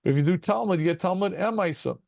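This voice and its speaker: A rabbi leads an interactive Talmud class over a video call. His fairly high voice is gravelly, and the sound is dry and close. He throws rhetorical questions at his students and calls them gentlemen. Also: expressive, no room sound. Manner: self-deprecating chuckles, quick asides.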